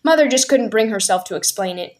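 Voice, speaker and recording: A woman reading a family memoir aloud as a storyteller, in a steady, clear telling. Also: a little high, a little fast. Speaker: storyteller aunt.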